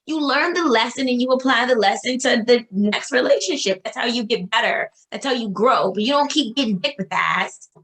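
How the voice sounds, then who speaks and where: A woman's voice: on the high side, expressive, moderate pace, few pauses, a bit bright, rough recording. A woman co-host. She talks bluntly and emphatically, repeating phrases to drive her point home and swearing casually. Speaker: podcast co-host. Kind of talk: casual chat.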